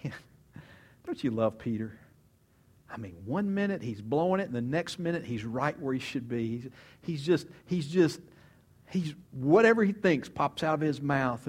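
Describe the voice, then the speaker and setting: A man preaching a sermon, telling stories with animation, asking rhetorical questions and acting out quotes. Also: mid-range voice. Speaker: pastor.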